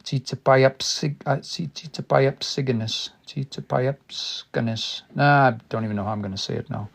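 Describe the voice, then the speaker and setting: A man studying a language on a casual livestream, thinking aloud and sounding out new words slowly and repeatedly. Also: medium pitch, vocal fry. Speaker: language teacher.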